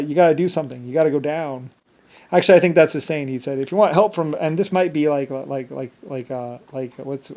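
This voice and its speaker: A man's voice: mid-range voice, a little mellow. A man talking alone in a meandering monologue, full of restarts and filler words. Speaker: solo vlogger. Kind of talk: rambling monologue.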